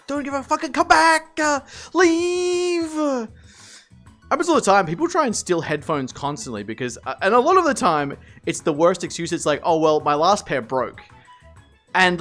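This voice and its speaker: A man chats on a live stream in a loose, casual way, swearing freely as he tells stories. His voice sits a little high for a man and swings widely in pitch. Soft music plays faintly behind him. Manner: animated storyteller, swears freely.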